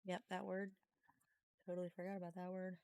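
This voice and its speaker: A woman's voice: fairly low pitch, completely flat delivery, fairly quick, dark tone, no room sound. A woman live-streaming a game from home, chatting casually, self-mocking and swearing freely.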